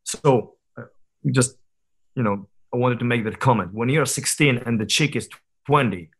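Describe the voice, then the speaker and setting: A man over thirty talks as a podcast guest, working through his stories in a loose, candid way. He circles back often with fillers and half-started words, and his pitch sits in an ordinary middle range. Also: normal speed, a bit bright, breathy edge. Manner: candid, reflective storytelling with frequent fillers and restarts. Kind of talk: casual conversational interview.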